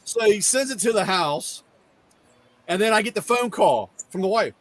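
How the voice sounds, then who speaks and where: The host, a middle-aged man, wanders animatedly through a story about a garage, playing both parties in the conversation he quotes. His voice is high-pitched at a moderate pace, and the recording is dry.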